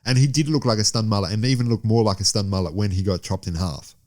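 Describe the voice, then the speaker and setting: Low-voiced aussie guy on a podcast, laid back, lots of "like". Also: quick pace, darkish tone. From Australia. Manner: laughing, joking, heavy use of "like". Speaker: podcast co-host. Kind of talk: casual chat.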